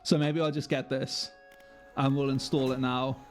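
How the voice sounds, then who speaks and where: A man's voice: medium pitch, flat delivery, moderate pace, faint music behind. A man streaming a game live, chatting with viewers, sweary and self-mocking. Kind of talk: live gameplay commentary.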